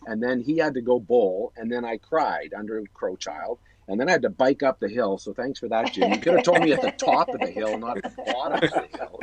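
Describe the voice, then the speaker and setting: A man's voice: medium pitch, big pitch swings, brisk, vocal fry, few pauses, rough recording. A man hosting a casual video-call chat, telling a long, rambling personal story with self-corrections. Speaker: host.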